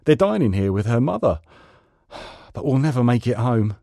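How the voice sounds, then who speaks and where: A man voicing a worried male chauffeur who speaks loudly and defers to his master. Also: mid-range voice, sing-song, moderate pace, vocal fry, dry recording, clean studio sound. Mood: fretful.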